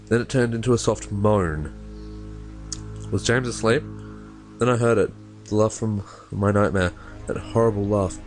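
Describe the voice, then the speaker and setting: A man's voice: lowish voice, pitched below the performer's own voice, lightly acted. A man voicing a grief-stricken young mother as he reads a horror story aloud in first person, stumbling over words now and then.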